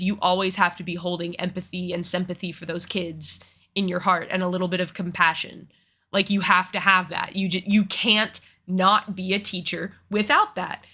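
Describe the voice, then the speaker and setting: A woman's voice: mid-range voice, bright, forceful tone. A woman who works as a teacher, talking frankly and emphatically in a casual reaction chat, with many restarts.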